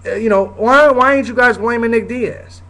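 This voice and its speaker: A man's voice: extremely high pitch, normal speed, bright, forceful tone, low-quality recording. A man hosting his own show, delivering a heated, profane rant in a blunt, repetitive way. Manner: heated, blunt, swears often, repeats "you know what I'm saying". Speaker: show host. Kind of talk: profane ranting commentary.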